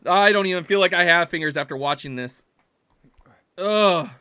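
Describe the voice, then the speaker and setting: A man doing let's play commentary, yelling at his character and swinging from muttered self-talk to loud shouts. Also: on the high side, fairly quick, clear, resonant tone, dry recording. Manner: jokey self-talk while playing. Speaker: gaming channel host.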